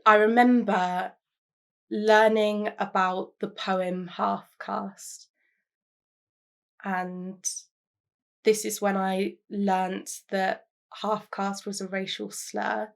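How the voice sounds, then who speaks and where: Young woman, earnest, reflective, mid-pitched, speaking to camera. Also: level tone, very slow, creaky, pauses often. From London, England. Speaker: interviewee. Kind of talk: personal testimony to camera.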